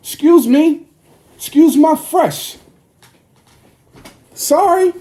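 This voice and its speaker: A man's voice: sits high, very animated, a little slow, dark tone. A man in his forties delivering a confrontational, preachy monologue to his viewers, profane and scolding. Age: 40s. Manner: scolding, lecturing tone.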